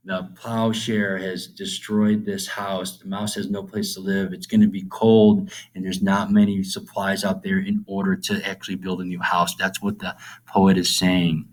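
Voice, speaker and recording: A middle-aged male teacher giving a recorded literature lesson, reading verse slowly and then explaining it in plain, casual terms, often checking in with "okay?". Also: low-pitched.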